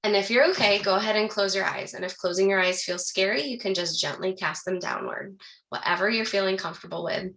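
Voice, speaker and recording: A woman leading an online wellness workshop, talking to her audience in an upbeat, encouraging way and guiding them through calm breathing. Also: medium pitch. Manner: slows into soft calm guidance during breathing exercise. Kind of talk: live online workshop talk with guided breathing.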